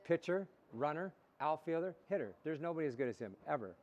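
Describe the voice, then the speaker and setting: A man's voice: fairly high pitch, expressive, a little fast, a little mellow. A man coaching young baseball players in a motivational talk, asking questions and repeating the answers back. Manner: call-and-response, asks questions and repeats answers. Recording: dull lo-fi recording.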